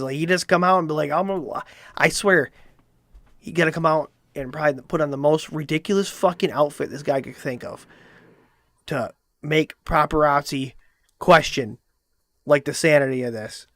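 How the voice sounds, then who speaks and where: A man's voice: a little high, moderate pace, fairly bright tone, dry recording. A man hosting a comedic commentary show, ranting in disbelief and swearing freely. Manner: incredulous, swearing rant. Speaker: show host.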